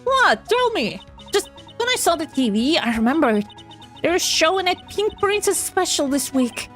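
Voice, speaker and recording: A woman voicing a bubbly, excitable young female sidekick in a video game reading, high and eager. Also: moderate pace, soft background music, full character voice. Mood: surprised, eager. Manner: high-pitched, eager, whiny.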